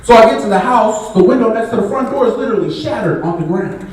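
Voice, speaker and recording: A man's voice: sits high, lively intonation, quick pace, a little mellow, distant mic. A man doing a loose, conversational stand-up comedy set, riffing with the crowd at a live show. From Bay Area. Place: live comedy show in a large echoey venue. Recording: very echoey venue audio picked up from afar, faint noise.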